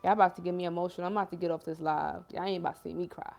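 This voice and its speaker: A woman's voice: on the low side, fairly even intonation, rapid-fire, creaky, darkish tone, faint music behind. A young woman hosting a livestream as a self-described healer, talking in earnest, emotional casual chat full of slang like "yo" and "y'all" while reading out viewer comments.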